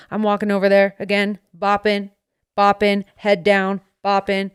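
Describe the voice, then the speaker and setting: A woman hosting a podcast, telling a story in casual chat and acting out her friends' lines in quick put-on voices, recorded close on a studio mic. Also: medium pitch, clean tone. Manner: animated, acts out friends' voices in quotes. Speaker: podcast host. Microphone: studio microphone.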